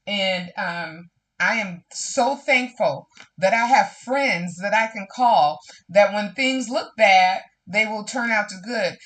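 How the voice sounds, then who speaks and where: Woman hosting a craft livestream, bright tone, calls everybody y'all and gets kinda preachy. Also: medium pitch, slow. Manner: chatty, preachy testimony, addresses viewers as y'all. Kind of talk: casual live craft chat.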